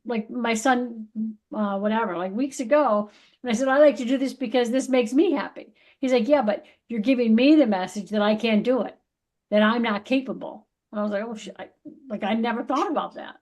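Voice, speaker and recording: A woman's voice: fairly high pitch, brisk, a little mellow. A middle-aged woman co-hosting a podcast, giving a casual, emphatic spiritual pep talk that is full of swearing and acted-out quotes. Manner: emphatic, swears freely, acts out voices of others. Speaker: podcast co-host.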